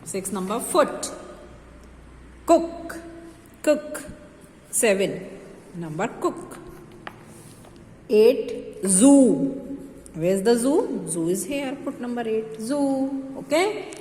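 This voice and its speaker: A woman, a kindergarten teacher, slowly repeating phonics words for young children. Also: fairly high pitch, lively intonation, mellow. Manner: slow, drawn-out word repetition, stretching vowels. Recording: echoey room with long reverb.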